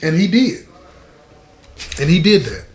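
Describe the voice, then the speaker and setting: A man telling a story in a casual, conversational style. He talks directly to his audience at a slow pace. His voice is slightly high and echoes in a roomy space. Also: sing-song. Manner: conversational, addresses listeners directly. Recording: roomy echo.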